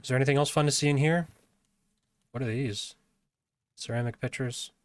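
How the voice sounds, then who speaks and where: A man's voice: mid-range voice, steady tone, fairly quick, dry recording. Chatty male game streamer. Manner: chatty, laughs easily. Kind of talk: casual gameplay commentary.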